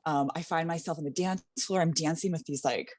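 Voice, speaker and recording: A young adult woman telling a comedic party story in casual chat, animated and laughing, with lots of fillers. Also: deep voice, fairly quick, dry recording. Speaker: guest storyteller.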